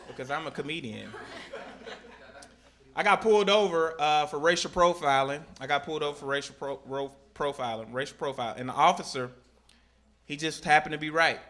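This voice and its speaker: A man from Texas doing a stand-up set on a club stage, telling animated stories and acting out the voices. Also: on the high side, brisk. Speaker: stand-up comedian. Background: audience laughter.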